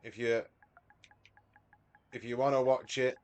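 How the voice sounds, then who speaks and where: Commentating live sim-racing gameplay, a Mancunian man chats with his viewers by name at a measured pace. His mid-range voice has little pitch movement and a darkish, clear, resonant tone.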